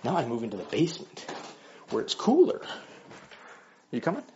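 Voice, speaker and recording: A man's voice: mid-range voice, huge pitch swings, moderate pace, darkish tone, a little hiss or hum. A man delivering a blunt, profane, argumentative monologue while walking his dog. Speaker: vlogger. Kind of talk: casual ranting monologue. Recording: dull lo-fi recording.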